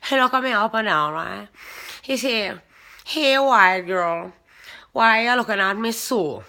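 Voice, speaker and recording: A woman voicing a chatty, homesick Jamaican woman in a put-on Jamaican accent, with drawn-out patois phrasing in a comic character monologue. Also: medium pitch, gravelly, sharp tone, voice pushed up.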